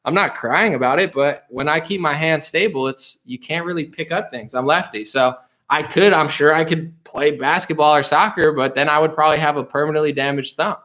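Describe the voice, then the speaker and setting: A man hosts a casual political live stream, reading viewer comments aloud and answering in a loose, rambling way, with frequent restarts and dismissive asides. His voice is on the high side and fairly bright, and he speaks a little fast.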